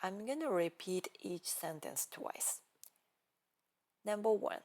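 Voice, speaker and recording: A woman giving a scripted pronunciation lesson. She is calm and careful, sets out each step and repeats the practice phrases. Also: mid-range voice, slow, soft background music. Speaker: pronunciation teacher.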